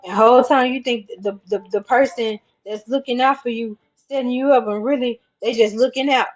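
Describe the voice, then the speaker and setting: A woman's voice: fairly high pitch, steady tone, a little fast, highs cut off. A woman ranting casually to the camera, repeating herself for emphasis and speaking straight to the viewer.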